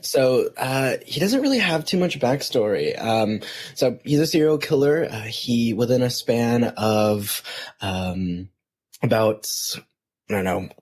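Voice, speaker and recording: A man co-hosting a casual podcast, telling his story at a slow, unhurried pace. His voice is husky and a little breathy. He stumbles and restarts often. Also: medium pitch, expressive, darkish tone. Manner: halting, with many ums and restarts. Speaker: podcast co-host.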